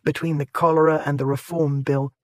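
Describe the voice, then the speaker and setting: A man's voice: on the high side, flat delivery, a little fast, no room sound, clean studio sound, lightly acted. A man voicing an alarmed older aunt who scolds in disbelief. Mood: scolding.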